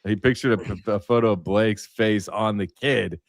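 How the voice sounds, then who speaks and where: A man with a fairly low voice hosts a live stream, rambling through his stories with frequent fillers and restarts. His voice sits close to the mic with a dry, unreverberant sound. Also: moderate pace, no echo. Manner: rambling storyteller, many fillers. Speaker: livestream host. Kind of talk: casual livestream chat.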